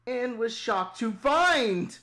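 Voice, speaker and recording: A woman's voice: a little high, lively intonation, slow pace, a crowd in the background. A woman telling a comedic improvised story on a stream, often breaking into giggles.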